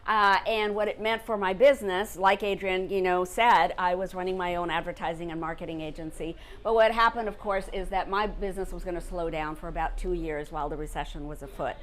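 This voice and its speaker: A woman from India, an author, telling her personal story to an audience at an indoor event in a measured, relaxed way. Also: lowish voice, a little hiss or hum. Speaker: author speaking at a salon event. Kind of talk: casual storytelling talk.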